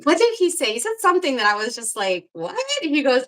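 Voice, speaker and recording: Woman guest on a live chat, rambly, says like a lot, bright higher voice. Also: very animated, a little fast. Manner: rambling, lots of "like", laughs often. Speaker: guest, beauty creator.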